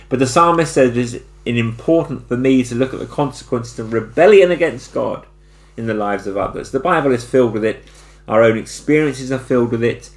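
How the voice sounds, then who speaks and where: Middle-aged male preacher, mid-pitched voice, earnest sermon delivery, rising to emphatic repetition. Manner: builds to emphatic repeated phrases.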